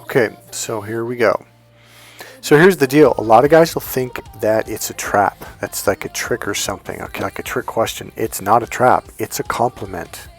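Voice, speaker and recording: A man's voice: on the low side, normal speed, slightly rough, faint music behind. A man in his fifties giving casual dating advice, rambling with restarts and acting out quoted dialogue. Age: 50s. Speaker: dating coach.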